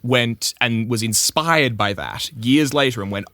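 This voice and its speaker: A man's voice: mid-range voice, measured pace, sharp tone, no room sound, studio quality. Man reading lore with crude asides. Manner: crude, swears freely, reads script with asides. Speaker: podcast host presenting lore. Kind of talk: casual podcast chat reading a script.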